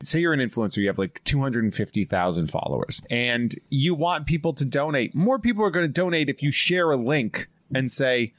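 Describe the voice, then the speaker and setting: A man's voice: medium pitch, lively intonation, fairly quick, few pauses, fairly bright tone, no echo, studio quality. A man co-hosting a comedy podcast, blunt and crude, riffing on the story. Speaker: podcast co-host. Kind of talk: casual comedic chat.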